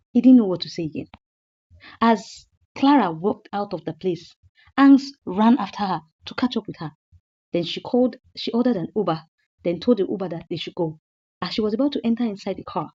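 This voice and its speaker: A woman's voice: mid-range voice, mellow, husky, muffled recording. A woman, casually recapping a movie episode in a chatty way, repeating points and asking rhetorical questions.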